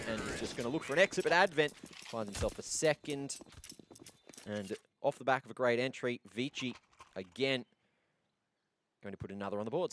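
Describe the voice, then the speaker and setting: A man calling fast play-by-play on an esports shooter match. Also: mid-range voice, slight background noise. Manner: excitable play-by-play. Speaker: esports caster. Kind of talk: play-by-play commentary.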